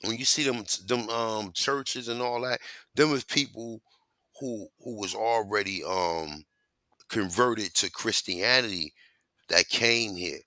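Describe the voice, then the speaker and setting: Bright-voiced man telling slangy stories. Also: on the low side, slow pace, dry recording. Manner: animated, slangy, profane storytelling. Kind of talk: casual chat.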